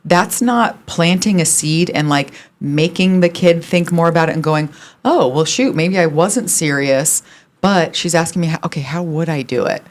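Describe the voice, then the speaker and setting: Low-voiced woman host asking candid questions. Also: normal speed. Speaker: podcast co-host. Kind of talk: casual podcast conversation.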